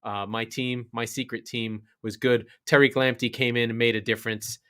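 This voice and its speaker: A man's voice: mid-range voice, normal speed, clear, resonant tone. A man co-hosting a casual football podcast, swearing freely and laughing as he talks through match results. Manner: animated, laughing, swears a lot, acts out quotes. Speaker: podcast co-host. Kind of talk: casual sports podcast chat.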